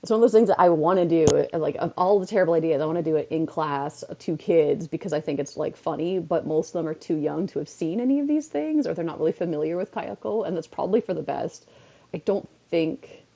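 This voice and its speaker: A woman's voice: low voice, fairly quick, dark tone. A young woman chatting casually on a home livestream while playing a phone game, rambling from topic to topic and feeling a bit under the weather. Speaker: streamer. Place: indoors at home. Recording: dull lo-fi mic.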